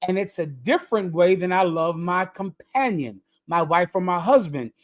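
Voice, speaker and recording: A man's voice: high-pitched, lively intonation, moderate pace. A man leading a livestreamed religious lesson, preaching emphatically in a lecturing, repetitive cadence. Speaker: religious group leader.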